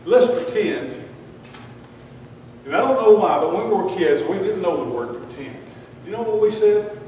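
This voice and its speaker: A man's voice: high voice, expressive, normal speed, mellow, slight background noise. A man preaching a folksy, joking sermon full of homespun sayings. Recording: echoey hall, distant mic.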